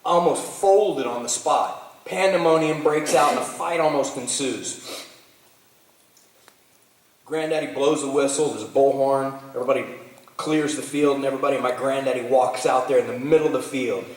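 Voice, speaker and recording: A man, telling animated, profane stories at a convention panel, stammering and restarting as he goes. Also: medium pitch, normal speed. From Texas. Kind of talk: profane anecdotal storytelling. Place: large convention hall. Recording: roomy hall, voice from far off.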